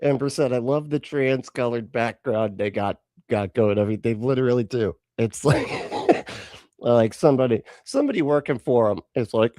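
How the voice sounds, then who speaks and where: A man's voice: mid-range voice, moderate pace, warm tone, dry recording, clean studio sound. A man hosting a live stream and reacting to clips in casual chat, sarcastic, often laughing and swearing.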